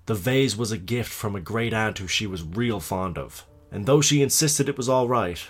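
A man's voice: lowish voice, animated, normal speed. A man giving a scripted horror story reading as narrator.

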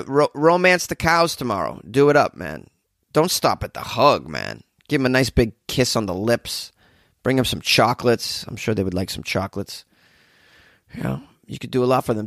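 A hungover man hosting a podcast, reading odd news stories with rambling, sarcastic commentary and low energy. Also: fairly bright tone, no echo, clean studio sound. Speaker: podcast host.

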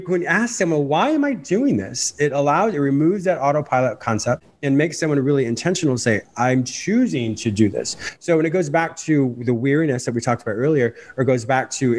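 A man speaking as an interview guest in a fast, animated way, acting out the questions he asks himself. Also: fairly high pitch. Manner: fast-talking, animated, acts out inner questions. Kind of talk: conversational interview.

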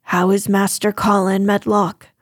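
A woman reading the lines of an anxious gentleman, the master of a manor, in a quiet, brooding way. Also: medium pitch, little pitch movement, unhurried, husky, no room sound, studio quality.

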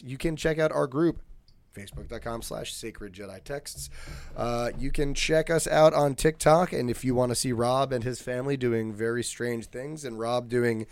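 A young man co-hosting a casual podcast, his voice hoarse and still recovering, rambling and joking as he talks. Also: mid-range voice, normal speed, darkish tone, no room sound. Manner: jokey, rambling, self-interrupting. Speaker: podcast co-host.

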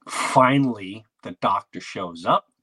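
A man hosting a podcast who tells a comedic story in an animated, rambling way and acts out the quotes. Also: on the low side, slow, slightly rough. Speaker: podcast host.

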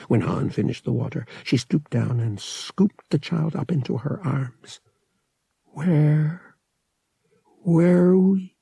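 Expressive male audiobook narrator, gravelly. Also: mid-range voice, no room sound. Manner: expressive, dramatic storytelling. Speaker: audiobook reader.

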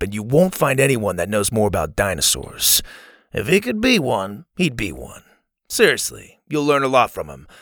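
A man's voice: mid-range voice, fairly bright tone, dry recording, studio quality. A man voicing a laid-back young male camp counselor who rides a motorbike, in an audiobook.

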